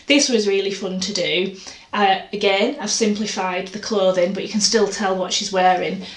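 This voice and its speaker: A woman's voice: mid-range voice, steady tone, moderate pace. A woman chatting casually about her art, rambling and self-deprecating. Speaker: artist vlogger. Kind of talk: casual chat. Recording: echoey room, faint noise.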